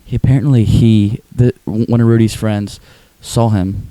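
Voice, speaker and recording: A man's voice: lowish voice, fairly even intonation, measured pace, mellow, no room sound. A male podcast host from Westchester, New York, telling a rambling story in casual, profane talk on a close mic.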